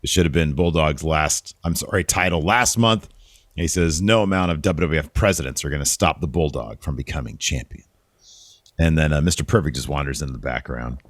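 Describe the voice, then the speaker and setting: A man co-hosting a casual wrestling review podcast, joking and talking in an animated way. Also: brisk, no echo, clean studio sound. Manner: animated, jokey, jumps into higher pitch for emphasis. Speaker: podcast co-host.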